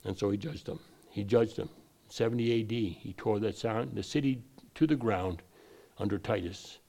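Gravelly-voiced male preacher. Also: lowish voice, moderate pace, mellow. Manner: digressive, frequent restarts, rising emphasis on key points. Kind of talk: sermon.

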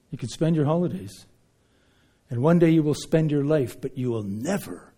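A man preaches an emphatic sermon in a voice that's a little high, alternating loud declarations with hushed asides.

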